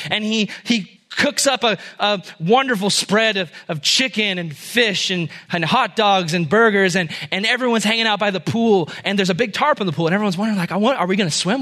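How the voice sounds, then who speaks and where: A young man gives a relaxed, story-driven sermon in a fairly high voice. His tone is bright and forward, and he slips in and out of voices for the people in his stories before coming back to his message. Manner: animated storyteller voicing characters.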